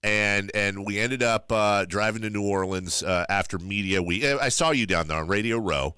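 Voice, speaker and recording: A man's voice: on the low side, moderate pace, sharp tone, clear, resonant tone, no echo, clean studio sound. A man from California hosting a sports radio show, telling stories and building to emphatic points. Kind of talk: casual sports radio chat.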